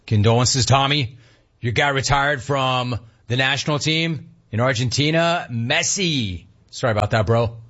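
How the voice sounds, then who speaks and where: Husky animated sports radio host, man. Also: medium pitch, dull audio. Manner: animated, laughing, mock outrage. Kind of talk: sports talk radio monologue.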